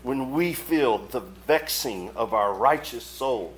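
Fervent male preacher with loud surges. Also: mid-range voice, lively intonation, slow, a little hiss or hum. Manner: reads scripture aloud in old-fashioned phrasing. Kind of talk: sermon.

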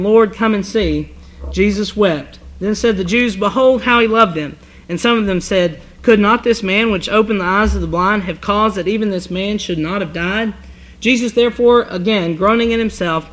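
A male preacher reads scripture and then works through its meaning in earnest, halting speech, restarting his sentences as he goes. His voice sits high and bright, with a crisp, forward edge. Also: poor audio. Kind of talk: sermon reading scripture and expounding.

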